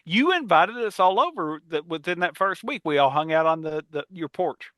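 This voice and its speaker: Bright, animated man telling stories. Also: on the high side, moderate pace, no echo. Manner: animated storyteller, laughs often. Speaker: podcast co-host. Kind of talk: casual chat.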